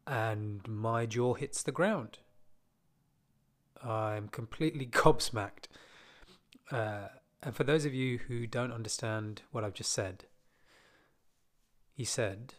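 A man recounts a memory in a relaxed, conversational monologue. His pitch sits in an ordinary middle range, and he drops in wry, self-deprecating asides as he talks. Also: slow, long pauses. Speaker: podcaster telling a personal story. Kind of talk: casual storytelling monologue.

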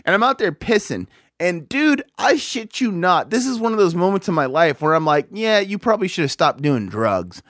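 A man's voice: sits high, sing-song, normal speed, hardly any pauses, a bit bright, dry recording, clean studio sound. A man telling a rambling, profane story in casual chat, full of fillers and restarts.

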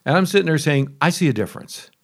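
A homeowner reviews a new lawn mower on camera, his voice a little high with lively intonation and a quick pace. He tells a casual, rambling story full of asides and grumbles, chatty and conversational, often interrupting himself.

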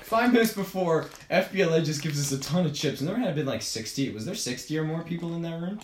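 A man's voice: fairly high pitch, expressive, quick pace, slight background noise. Teasing young man in an echoey room. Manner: joking, teasing, laughs often. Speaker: podcast guest. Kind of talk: casual chat.

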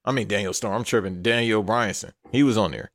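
A man's voice: lowish voice, a little fast, a bit bright, no echo, studio quality. A man co-hosting a casual wrestling chat, blunt, profane and opinionated.

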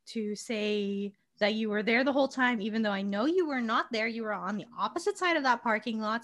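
A young woman co-hosting a casual book chat, laughing often and acting out characters' lines. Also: mid-range voice. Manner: giggly, animated, acts out characters' lines. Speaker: podcast co-host.

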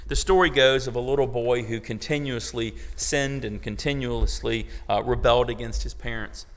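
A man's voice: mid-range voice, steady tone, normal speed. A man preaching a sermon to his congregation, talking in a conversational way with joking asides. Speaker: pastor. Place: church sanctuary. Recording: long hall reverb.

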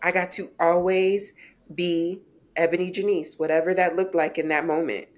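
Animated woman in her forties. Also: on the low side, moderate pace, soft background music. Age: 40s. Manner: animated storyteller, acting out quoted voices. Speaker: guest, author. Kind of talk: podcast interview storytelling.

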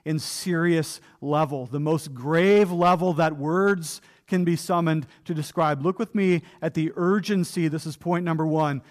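High-voiced man preaching an earnest sermon. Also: a little slow, few pauses. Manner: earnest, emphatic, with rhetorical questions. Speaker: pastor. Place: church pulpit.

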